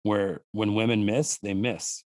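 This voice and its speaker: A man telling hunting-family stories in an animated, rambling way, with restarts and fillers. His voice sits low for a man. The sound is dry and close, with no room echo. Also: measured pace. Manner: animated storyteller who acts out his daughters' lines in a higher voice. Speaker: guest, wild game cook and hunter. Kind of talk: casual podcast conversation.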